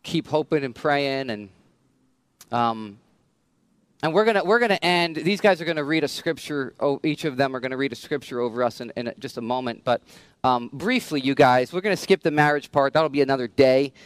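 Smooth-voiced man hosting a church talk. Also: mid-range voice, a little fast, no echo. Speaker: pastor hosting a church stream.

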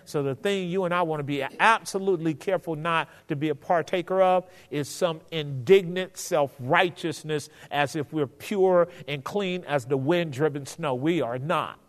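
A man's voice: a little high, moderate pace, few pauses, long reverb tail. A man teaching scripture to a group in a conversational sermon, often checking that his listeners follow him and rising in force when he quotes verses. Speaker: pastor teaching a Bible study.

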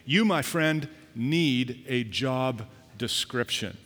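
A man's voice: medium pitch, expressive, takes it slowly, fairly bright tone, big-room sound. A man preaching a sermon in a conversational way, with acted-out asides to the congregation. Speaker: pastor.

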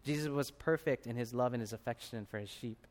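A man in his thirties preaching a sermon as a pastor, telling a personal story with animated delivery and acted-out voices. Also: mid-range voice, fast.

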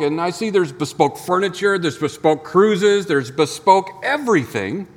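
A man's voice: sits high, lively intonation, normal speed, few pauses, big-room sound. A man preaching a sermon as pastor, in a conversational storytelling manner full of rhetorical questions. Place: church sanctuary.

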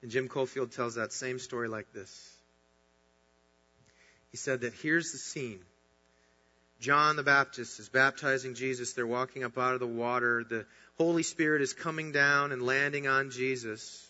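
In a long, reverberant hall with dull-sounding audio, a male pastor with a mid-range voice preaches at normal speed. His sermon is earnest and emphatic, punctuated by rising bursts of excitement.

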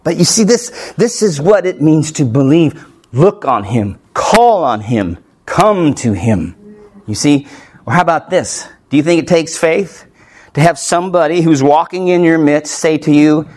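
A man's voice: on the high side, expressive, measured pace, a little mellow. A man preaching a sermon as pastor, emphatic and often turning to the congregation with questions.

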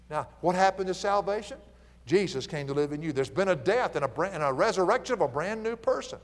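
With a Southern US accent and a high voice, a man from the American South preaches briskly in a big-room space. The sermon is folksy, full of animated stories, and punctuated by his chuckles.

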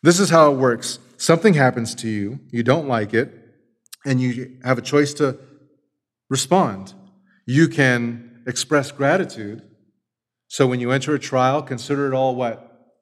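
A man, a father, preaching a sermon as pastor, asking rhetorical questions and swinging from forceful emphasis to hushed tenderness. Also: medium pitch, measured pace.

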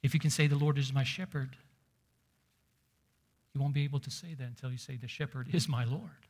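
A man preaching a sermon, emphatic, slowing down and dropping to a near whisper to stress points. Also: fairly high pitch, fairly bright tone.

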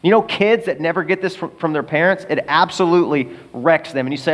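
Emphatic preaching pastor in a reverberant hall. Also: male voice, on the high side, expressive, quick pace, hardly any pauses. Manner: emphatic preaching with rhetorical questions and swings in loudness. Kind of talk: sermon. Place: large auditorium.

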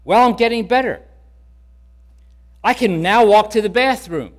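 A man's voice: sits high, unhurried, voice pushed up. A man putting on a joyful old woman. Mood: excited. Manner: loud, excited storytelling voice. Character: overjoyed elderly woman of seventy-five, healed.

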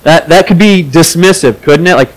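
A man's voice: on the high side, moderate pace, rough recording. A man preaching a sermon as pastor, earnest, and acting out the quoted voices of the story.

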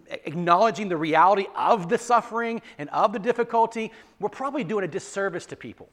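A pastor with a fairly high voice preaches a sermon to his congregation. Earnest, he often restarts his words, swelling to loud emphasis before sinking to a near-quiet plea.

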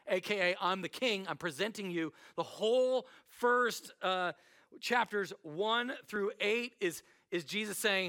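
A man preaching a sermon as pastor, talking in a casual, animated way and acting out the people in the story. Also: high-pitched, normal speed. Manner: conversational, animated, acts out voices.

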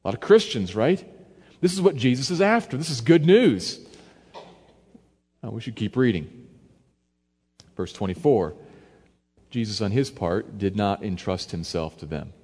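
A man's voice: on the low side, lively intonation, measured pace, pauses often, slightly rough, in a large hall. A man preaching a verse-by-verse sermon in a conversational way, now and then acting out quotes with more force. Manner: conversational, varies loudness for emphasis, acts out quotes. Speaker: pastor. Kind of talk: expository sermon.

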